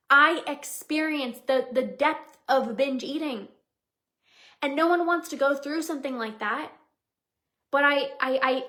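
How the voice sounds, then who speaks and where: A woman's voice: high-pitched, fairly bright tone. A young woman hosting a solo motivational podcast as a coach, talking earnestly and heartfelt, with lots of repetition and "like". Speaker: podcast host and binge-eating coach.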